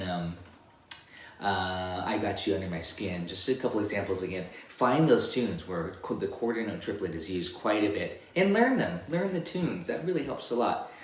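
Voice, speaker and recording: A man giving a relaxed guitar lesson, explaining rhythms and singing them out as counted syllables. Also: fairly low pitch, slight background noise. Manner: counts beats and sings rhythms with "da, da" between explanations. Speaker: guitar teacher. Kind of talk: casual music lesson. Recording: echoey room with loud guitar playing. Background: his own guitar playing.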